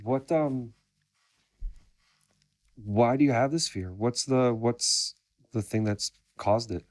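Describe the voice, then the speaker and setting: A man in his thirties hosting an interview, speaking earnestly and reflectively with some halting restarts. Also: mid-range voice, no room sound, clean studio sound. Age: 30s. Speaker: podcast host. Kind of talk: conversational interview.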